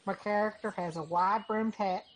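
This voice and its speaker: A man voicing a brash young male adventurer with a man bun in a tabletop game, in a put-on high falsetto and, later, a put-on cowboy drawl, talking back defensively and sassily. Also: steady tone, moderate pace, slight background noise, lightly acted, low-quality recording. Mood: defiant drawl. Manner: defensive, sassy banter in character. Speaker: player. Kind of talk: tabletop role-play, in character.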